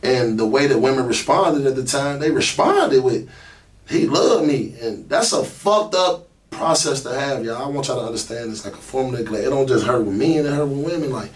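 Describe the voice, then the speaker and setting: A man's voice: medium pitch, expressive, moderate pace. Candid man telling a painful story. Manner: emotional, candid, heavy with fillers. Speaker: podcast host. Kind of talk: personal storytelling monologue. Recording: distant mic, faint ambient noise.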